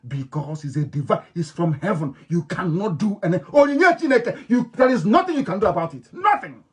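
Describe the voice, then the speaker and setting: A man with an Igbo-influenced Nigerian accent, a native Igbo speaker, gives an impassioned radio address to his followers. He is emphatic and repetitive, swinging between loud declarations and low, intense tones. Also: big pitch swings, a little fast. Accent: Nigerian, Igbo-influenced English. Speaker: political leader broadcasting to followers.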